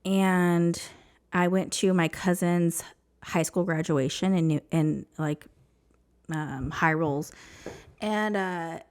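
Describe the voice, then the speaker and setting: A woman's voice: on the low side, steady tone, slow pace, darkish tone, clear, resonant tone. A woman from New Mexico, a podcast guest, telling a personal story in an emotional, chatty way, full of "like" and "you know".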